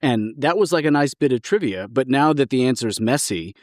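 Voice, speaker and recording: A man's voice: mid-range voice, lively intonation, a little fast, dry recording, clean studio sound. An American man co-hosting a podcast, talking in long rambling stretches. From United States. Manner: rambling, chatty. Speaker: guest co-host. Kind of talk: casual chat.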